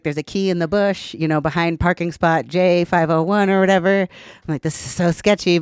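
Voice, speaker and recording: A woman's voice: lowish voice, a little mellow, smooth, no echo, clean studio sound. A woman in her thirties, a podcast guest, telling her story in a candid, chatty way and swearing casually.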